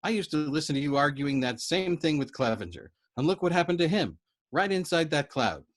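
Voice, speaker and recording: A man performs a storybook reading as a young bomber pilot, frantic and agitated, bursting out with loud, excitable lines. His pitch is fairly high and pushed up, and he talks a little fast.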